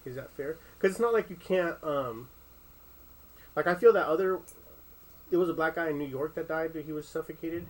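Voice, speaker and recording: A man's voice: on the high side, moderate pace, pauses often, poor audio. A man in a casual conversation, thinking aloud with many restarts, fillers and some swearing. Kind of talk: casual discussion.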